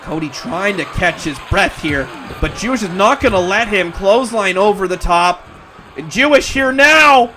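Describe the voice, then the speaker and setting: High-voiced, excitable male wrestling commentator. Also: normal speed, music in the background. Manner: excitable, shouts at near-falls. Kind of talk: play-by-play commentary.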